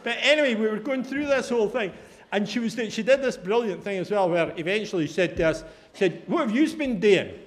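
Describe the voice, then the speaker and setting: A man's voice: high voice, fairly quick. A middle-aged Scottish man giving a conference talk, telling anecdotes in a chatty way and swearing casually. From Fife, Scotland. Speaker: conference speaker. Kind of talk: humorous storytelling talk.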